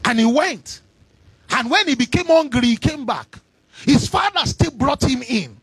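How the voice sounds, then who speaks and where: A man preaching a sermon, shouting in a sing-song cadence and calling on the congregation to respond. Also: extremely high pitch, big pitch swings, a little slow, breathy edge, no echo.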